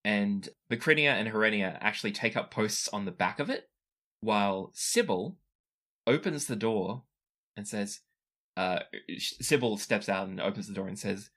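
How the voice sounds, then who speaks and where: A man running a tabletop game as game master, narrating scenes and jumping into character voices. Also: moderate pace. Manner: lively, animated narration that jumps up in pitch for characters.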